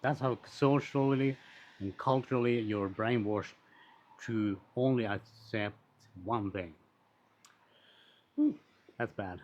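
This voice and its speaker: A man talking in a casual, rambling monologue, blunt and quick to swear, with frequent restarts and asides. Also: mid-range voice. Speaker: commentator on social issues. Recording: dull lo-fi recording.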